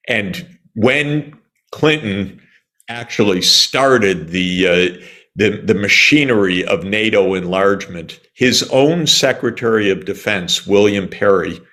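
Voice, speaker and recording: An older American economist, appearing as an interview guest, answers emphatically and indignantly, adding sarcastic asides and coughing at times. His voice is lowish and a bit bright.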